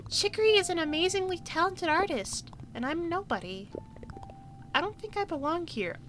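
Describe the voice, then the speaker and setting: A downcast young hero, as a woman puts the voice on, mumbling apologies and doubts in game dialogue. The voice is very high and bright, with a faint hiss behind it. The delivery is hesitant and unsure. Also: expressive, normal speed. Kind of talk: reading game dialogue aloud.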